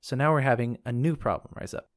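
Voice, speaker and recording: With a medium-pitched voice and a quick pace, a man reads from a book on his podcast about game lore, musing aloud and slipping into casual tangents.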